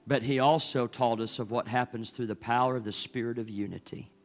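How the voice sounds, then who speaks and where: A man's voice: medium pitch, fairly even intonation, fairly quick, faint music behind. A male pastor preaching a sermon in a conversational, storytelling way, repeating phrases for emphasis. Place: church service.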